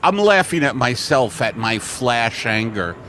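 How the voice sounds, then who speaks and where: A man hosting a podcast in casual, rambling comic chat with a deadpan delivery, recorded outdoors at a coffee shop. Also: medium pitch, unhurried, slight background noise. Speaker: podcast host.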